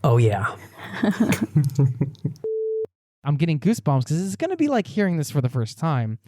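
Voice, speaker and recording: A man's voice: a little high, huge pitch swings, normal speed, darkish tone, a little hiss or hum. A man hosting a podcast in casual chat, playfully teasing his co-host and laughing often.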